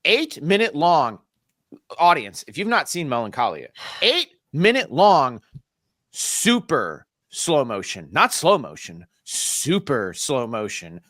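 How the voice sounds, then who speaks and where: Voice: medium pitch, sing-song, slow pace, fairly bright tone, no echo, clean studio sound. A co-host in a casual film debate, ranting with heavy swearing and sarcasm.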